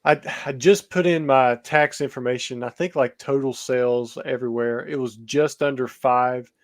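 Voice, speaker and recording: Podcast guest guy, average pitch, rambly and hedgy, lots of like and you know. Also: steady tone, moderate pace. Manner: rambling, hedging with many fillers. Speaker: podcast guest, card seller. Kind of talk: podcast interview.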